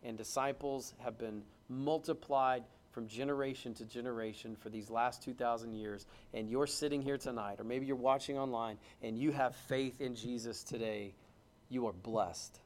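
A man's steady-toned sermon at church draws on scripture in the old King James wording. His delivery alternates between quick, loud exclamation and a low, hushed emphasis.

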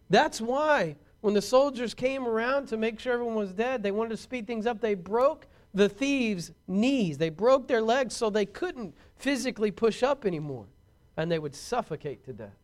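With an extremely high-pitched voice, a man preaches a sermon in an animated, emphatic style. He adds touches of humor and repeats words for emphasis.

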